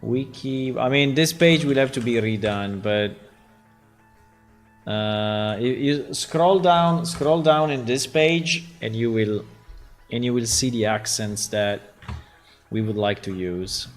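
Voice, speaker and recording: Italian guy live coding his game, slow easygoing talk, keeps going "right?", bit of music behind. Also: mid-range voice. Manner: thinks aloud, keeps asking "right?". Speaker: game developer streaming. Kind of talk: casual live coding stream.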